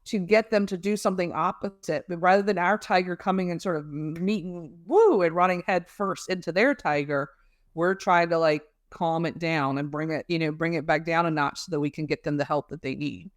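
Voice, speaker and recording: Dry-sounding woman explaining calmly. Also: on the low side, brisk, dry recording. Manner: conversational, many fillers, explains with homely images. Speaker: guest expert on emotional regulation. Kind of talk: casual explanatory interview talk.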